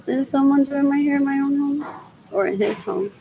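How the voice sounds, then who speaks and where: A woman's voice: high voice, moderate pace, gravelly, warm tone, a little hiss or hum, rough recording. A middle-aged woman talking to herself in a rambling solo monologue, repeating phrases over and over and slipping Spanish phrases into her English. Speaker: vlogger.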